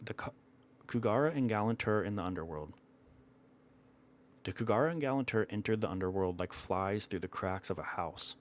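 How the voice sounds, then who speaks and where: A man telling an old myth in a measured, dramatic way, stopping now and then to correct himself. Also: on the low side, animated. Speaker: storyteller. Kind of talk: storytelling narration of a myth.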